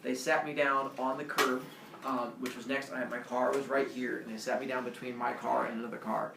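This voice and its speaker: A male teacher tells his class a personal story in a lively, self-deprecating way. His voice has a gravelly edge. It is picked up from a distance in an echoey classroom with faint noise underneath. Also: mid-range voice, fairly quick. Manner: animated, self-mocking storyteller.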